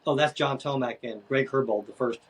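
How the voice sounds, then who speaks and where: A man as a podcast guest, telling a story in a casual, animated way and acting out other people's voices. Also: medium pitch, a little fast, husky. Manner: animated, acts out voices in his stories.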